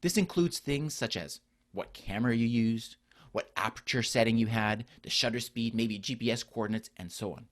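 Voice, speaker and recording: A man's voice: mid-range voice, normal speed. A middle-aged man, a physician, giving an earnest conference presentation that explains ideas through rhetorical questions.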